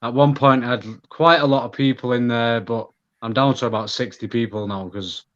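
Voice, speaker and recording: A man's voice: mid-range voice, fairly even intonation, moderate pace. A man in his thirties with a Manchester accent, a guest talking candidly on a podcast, with lots of restarts. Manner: candid, rambling, many restarts. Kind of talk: casual podcast conversation. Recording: slightly dull lo-fi audio.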